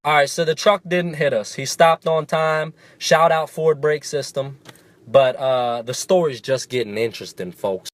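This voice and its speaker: A male vlogger telling a story to camera in a casual, animated, jokey way, cursing freely. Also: a little high, normal speed, noisy background.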